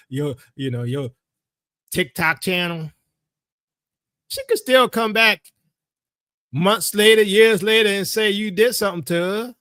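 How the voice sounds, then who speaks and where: A man teaching his followers in a loose, colloquial monologue, his voice swinging widely up and down as he tells his story. His pitch sits somewhat high for a man. The sound is close and dry, with no room around it. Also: fairly bright tone, no room sound. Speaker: religious teacher. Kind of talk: casual religious commentary monologue.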